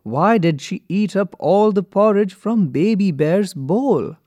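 A man reading a children's story aloud from a textbook, clear and deliberate for young learners. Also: high voice, lively intonation, darkish tone, no room sound. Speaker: textbook reader. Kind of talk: slow expressive storybook reading.

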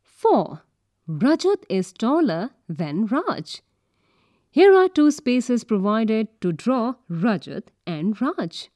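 Slow sing-song narrator woman. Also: fairly high pitch, big pitch swings, dark tone, no echo, clean studio sound. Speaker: textbook narrator. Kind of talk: scripted children's textbook narration.

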